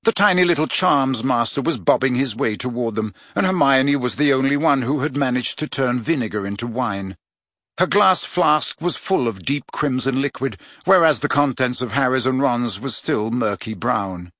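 A husky man narrates a storybook in a measured, steady way. His voice sits at a middle pitch. The recording is dry and close to the mic. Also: no echo. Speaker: audiobook narrator. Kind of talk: scripted narration.

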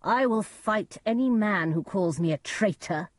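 A woman's voice: mid-range voice, animated, measured pace, no room sound. A woman reading a storybook voices a scheming young nobleman who speaks in a curt, commanding way.

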